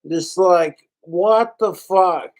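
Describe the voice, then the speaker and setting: Heated, profane man ranting slowly. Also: sits high, darkish tone. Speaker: podcast host. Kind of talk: casual ranting commentary.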